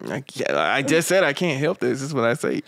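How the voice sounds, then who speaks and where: A man's voice: mid-range voice, very animated, brisk, vocal fry, fairly bright tone, no echo, clean studio sound. A man co-hosting a casual podcast chat, joking around and playful. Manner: joking, playful, jumps into goofy voices. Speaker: podcast co-host.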